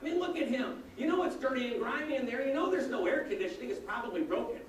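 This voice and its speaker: High-voiced man telling a funny story. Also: fast talker. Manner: animated, humorous storyteller. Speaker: keynote speaker. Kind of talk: storytelling customer service speech. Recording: echoey room, distant mic, faint noise.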